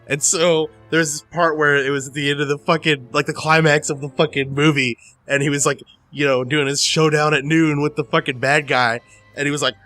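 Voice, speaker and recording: A man co-hosting a let's play, commentating casually in an excitable, profane way and laughing easily. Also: on the high side, a little fast, faint music behind.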